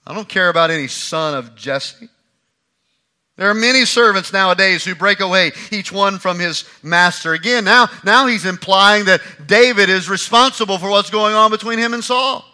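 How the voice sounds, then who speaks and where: A man's voice: sits high, moderate pace, pushed and bright, smooth. A man preaching a sermon, walking through a Bible passage and acting out the lines he quotes. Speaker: pastor.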